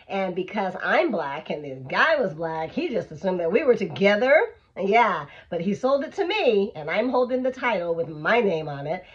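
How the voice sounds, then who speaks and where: A woman vlogger telling an animated, emphatic storytime, on a dull lo-fi recording. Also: mid-range voice, slightly rough. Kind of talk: storytime vlog.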